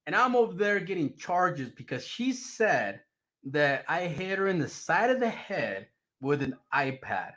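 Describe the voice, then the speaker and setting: A man's voice: high voice, a little slow. A man telling a personal story in a casual, profane and dramatic way. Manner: profane, animated, dramatic retelling.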